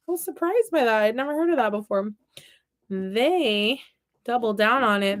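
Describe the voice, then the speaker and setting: A woman's voice: a little high, expressive, moderate pace, fairly bright tone. A woman in her thirties chatting casually and telling playful stories while she repairs toys with her hands. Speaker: toy repair vlogger. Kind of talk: casual chat while crafting.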